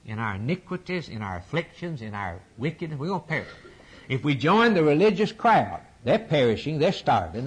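A man preaching a sermon to his congregation, fervent and repetitive, with sweeping rises and drops in his voice. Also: breathy edge. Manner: fervent preaching with repetition and dramatic pitch swings.

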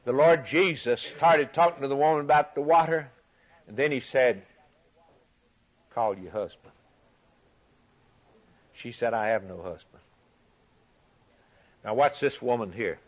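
A man preaching a sermon, emphatic and repetitive, rising loud for scripture and dropping quiet for key points. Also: medium pitch, a little slow, long pauses, dull audio. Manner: emphatic, repeats phrases, swings from loud to quiet; reads scripture aloud in a raised voice.

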